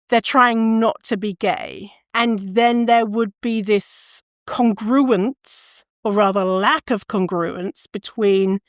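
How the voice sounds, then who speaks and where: A woman's voice: mid-range voice, clean tone, no room sound, studio quality. A woman hosting a solo podcast, talking casually in long rambling tangents, cutting herself off mid-sentence and swearing now and then. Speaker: podcast host.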